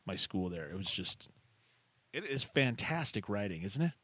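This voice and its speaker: A man hosting a call-in radio show, chatting with callers in a casual, animated way. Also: lowish voice, normal speed. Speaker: radio talk show host.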